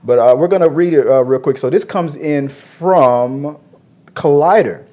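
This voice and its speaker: A man's voice: on the high side, measured pace, dark tone. A man hosting a casual entertainment-news show with his wife, joking around and often restarting his sentences. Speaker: podcast host.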